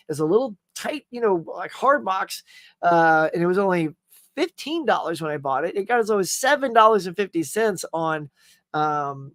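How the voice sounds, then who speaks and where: A man with a high-pitched voice hosts a casual live stream, rambling cheerfully as he greets viewers and reads their comments, often saying "y'all" and "man." The studio-quality recording has no echo.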